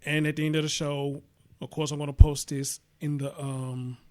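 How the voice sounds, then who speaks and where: A man's voice: a little high, level tone, normal speed, dark tone. A man with a Southern American accent hosts a casual livestream, reading an article aloud and breaking off to talk to his chat. He speaks in a slightly raised register and swears bluntly and freely. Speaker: host.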